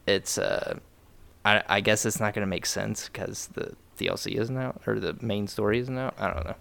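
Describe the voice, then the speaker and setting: Young male podcast co-host, deep-ish gravelly tone, loose and rambling. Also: moderate pace, fairly bright tone, dry recording. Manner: loose, joking, trails off and restarts. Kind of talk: casual gaming chat.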